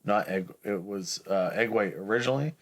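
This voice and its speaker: A man's voice: fairly low pitch, normal speed. A man co-hosting a podcast, reading out movie trivia in a casual, chatty way. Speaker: podcast co-host.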